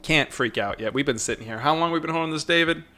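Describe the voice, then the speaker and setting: This live day-trading streamer, a man at mid pitch, murmurs his way through trades, addressing both himself and the chat. The commentary wanders, circling the same short phrases until quick bursts of excitement break through.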